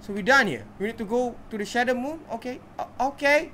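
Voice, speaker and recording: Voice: medium pitch, fairly quick, pushed and bright, a little hiss or hum. Gamer talking thru gameplay, chatty, talks to the characters, game sound faint in the back. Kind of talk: casual gameplay commentary.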